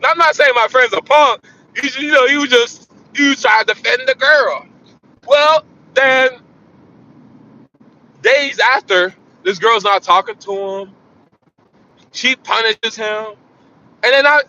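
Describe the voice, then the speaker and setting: Man, sharp bright voice, animated casual storytelling, repeats himself, muffled lo-fi sound. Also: very high voice, moderate pace, pauses often. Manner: animated, repeats phrases for emphasis. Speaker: vlogger. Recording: dull lo-fi sound.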